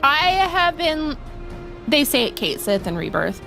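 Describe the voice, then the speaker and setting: A young woman streams a game, chatting playfully and breaking into laughter often. Her fairly high voice swoops up and down with lively expression. She talks at an unhurried pace over soft background music. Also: creaky. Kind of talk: casual live-stream chat.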